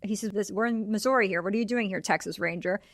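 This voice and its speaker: A woman of middling pitch co-hosts a casual film podcast. She retells scene after scene in a chatty way and slips into quick quoted lines from the characters. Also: no echo, studio quality. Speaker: podcast co-host.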